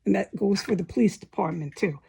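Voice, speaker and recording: A woman's voice: medium pitch, brisk, vocal fry, mellow, a little hiss or hum. A woman giving an emotional first-person account of a frightening confrontation, repeating herself, swearing and acting out what people said. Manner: emotional, repetitive, swears, acts out quotes. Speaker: vlogger giving personal testimony.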